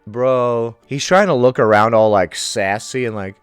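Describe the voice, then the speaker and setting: A man's voice: medium pitch, measured pace, smooth, no echo, faint music behind. A man hosting a comedic reaction video, mocking and irreverent, who swears freely and laughs often.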